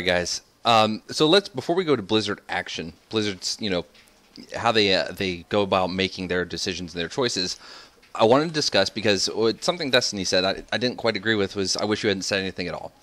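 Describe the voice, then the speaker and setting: A man hosting a podcast, steering the discussion with measured questions to his guests. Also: on the low side, animated, fairly bright tone. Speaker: podcast host.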